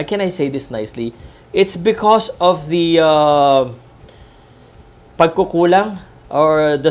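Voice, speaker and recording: A man from the Philippines, a professional commentator, chatting loosely about boxing and MMA on a live stream, with many fillers and restarts. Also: on the high side. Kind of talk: live fight-night talk.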